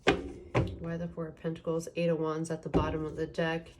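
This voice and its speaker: A woman with a fairly low voice gives a casual pick-a-card tarot reading. She rambles and fills gaps with ums and likes. The home recording carries clear background noise and the sound of cards being shuffled. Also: completely flat delivery, moderate pace. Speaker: tarot reader.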